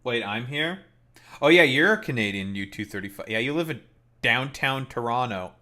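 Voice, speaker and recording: Lively crude-talking male streamer. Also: mid-range voice, moderate pace. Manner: crude, profane, teasing chat banter. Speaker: game streamer. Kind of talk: casual live-stream chat while gaming. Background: keyboard typing.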